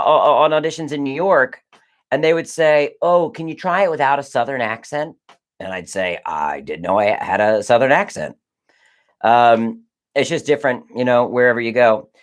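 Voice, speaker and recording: A man in his forties from Maryland, telling rambling stories in casual chat and correcting himself as he goes. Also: mid-range voice. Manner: rambling, self-correcting storyteller. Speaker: host, director and former child actor.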